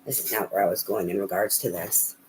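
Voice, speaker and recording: A woman's voice: rumbling low, fairly even intonation, brisk, a little mellow, slight background noise, low-quality recording. Profane, ranting woman tarot reader. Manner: rambling, many fillers. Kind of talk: live tarot reading with viewer chat.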